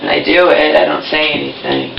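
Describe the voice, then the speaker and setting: A woman rants to the camera in a rambling, agitated monologue, sarcastic and quick to swear. She sits back from the mic in an echoing room. The sound is dull and muffled. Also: low voice, flat delivery, gravelly, noisy background. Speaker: vlogger. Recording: roomy, distant, muffled home recording.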